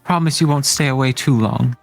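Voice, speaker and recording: A man's voice: mid-range voice, brisk, creaky, soft background music, pitched above the performer's own voice, close to an everyday voice. A man voicing a doting old hag mother who fusses over her son, in a tabletop game. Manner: fussing, pleading.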